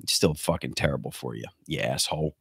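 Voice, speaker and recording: A man's voice: very deep voice, quick pace, vocal fry, husky, no room sound, clean studio sound. Profane sarcastic man ranting. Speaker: podcast host. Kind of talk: comedic rant. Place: bedroom at home. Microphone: webcam setup.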